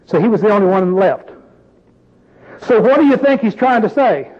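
A man's voice: sits high, expressive, normal speed, highs cut off. A man preaching an informal Bible-study sermon, folksy and plain-spoken, asking his group questions as he goes.

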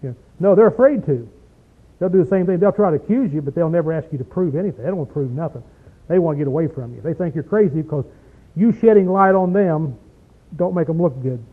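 With lively intonation and a slightly rough, notably high voice, a man gives a folksy, emphatic sermon full of rhetorical questions, slowing to stress verses and drawing out key scripture words. It's heard through thin, phone-like audio, like old-time radio.

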